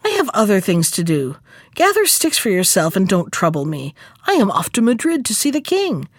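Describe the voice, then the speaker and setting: A woman voicing a selfish, boastful male half-chick from a storybook, curt and scornful, turning shrill when he begs. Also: wildly swooping pitch, moderate pace, dry recording, studio quality.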